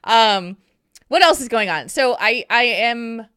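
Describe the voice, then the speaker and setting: A woman hosting a podcast in casual chat, giggly and talkative, with lively swings in pitch. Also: slow, smooth, dry recording, studio quality. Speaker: podcast host.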